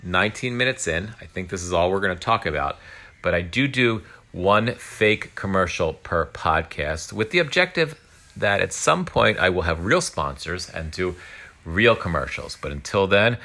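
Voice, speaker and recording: A man hosts his podcast alone, his voice low-pitched yet bright and forceful in tone. He rambles through his story with plenty of fillers and jokes at his own expense. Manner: rambling, self-mocking, lots of fillers. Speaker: podcast host. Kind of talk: casual solo podcast monologue.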